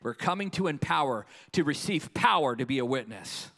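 Guy preaching live at a conference, passionate, goes loud then quiet, normal middle voice. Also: mid-range voice, animated, normal speed, vocal fry. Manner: passionate, swings from loud to hushed. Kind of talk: sermon. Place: conference hall stage.

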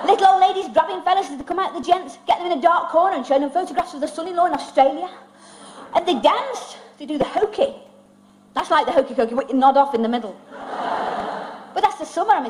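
A woman's voice: high voice, a little mellow, a little hiss or hum. A woman comedian, singing comic songs and doing dry, self-mocking stand-up in front of an audience. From England. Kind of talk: live stand-up and comic song. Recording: old vinyl record with music and audience.

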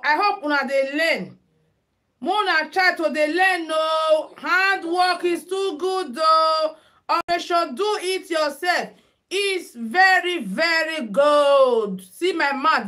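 A middle-aged Nigerian woman with a Nigerian accent hosts a casual makeup and headwrap livestream on her phone, chatting with viewers in Pidgin-mixed English. Her voice sits high and a bit bright, and she's chatty, calling her viewers "my people" with sing-song calls.

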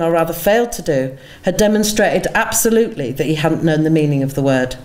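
A woman, an author giving a measured, reflective reading of her own memoir at a conference, with lingering pauses. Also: on the low side, a little mellow. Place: conference venue.

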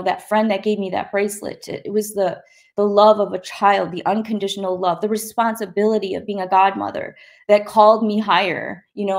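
A woman sharing a personal faith testimony in a soft, halting way, with many pauses and restarts. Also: mid-range voice, vocal fry. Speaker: guest sharing her testimony.

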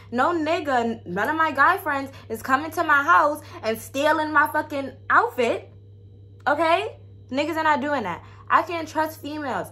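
A young woman vlogger telling an animated, slangy story to her viewers, dropping into low asides. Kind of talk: casual storytime vlog.

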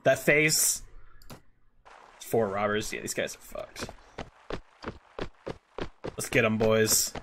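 A man's voice: fairly low pitch, slow pace, pauses often, a bit bright, slight background noise. A young man streaming a game, commenting casually and irreverently, swearing freely. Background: faint game music.

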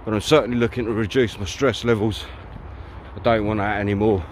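Chatty, swearing hiker. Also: male voice, lowish voice, steady tone, brisk, a little hiss or hum. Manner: chatty, blunt, swears freely. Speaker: hiking vlogger. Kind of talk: casual walking vlog monologue. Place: outdoors on a riverside countryside path.

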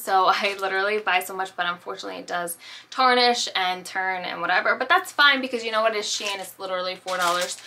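A woman's voice: mid-range voice, pushed and bright, a little hiss or hum. A woman chatting casually through a shopping haul vlog. She rambles and pokes fun at herself. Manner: chatty, rambling, self-deprecating. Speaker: YouTube vlogger.

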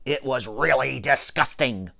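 A man reading a children's novel aloud with expressive storytelling and playful asides. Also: mid-range voice, measured pace, creaky, dry recording, studio quality. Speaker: reader.

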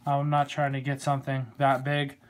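A man giving a casual how-to tutorial on a glove, relaxed and rambling, with plenty of fillers and small jokes. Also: mid-range voice, normal speed. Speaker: glove maker demonstrating lacing. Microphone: phone camera.

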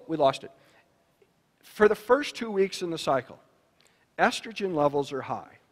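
Man, animated speaker, somewhat high voice, long reverb of a banquet hall. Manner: animated storytelling with shifts in pitch and loudness. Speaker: speaker at a luncheon. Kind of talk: educational talk to parents.

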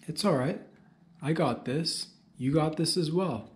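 A man's voice: on the high side, a little slow, roomy sound. A man hosting a solo comedy podcast, rambling and joking as he talks straight to his listeners.

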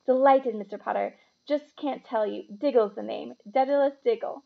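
A woman reading aloud and voicing an excitable little wizard in a top hat who gushes in a high, fluttery voice. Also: moderate pace, vocal fry, phone-quality sound. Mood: delighted.

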